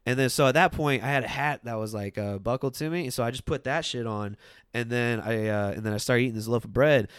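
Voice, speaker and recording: Young man, casual storyteller, profane and laid-back, smooth clear voice, dry close sound. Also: medium pitch, quick pace, no room sound. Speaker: guest telling a story.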